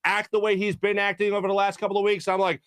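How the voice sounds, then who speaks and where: A sports talk host with a high voice delivers a heated, exasperated rant. He keeps slipping into mocking imitations of other people. The sound is dry and close, with no room around it. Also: completely flat delivery, quick pace, fairly bright tone, clean tone, dry recording.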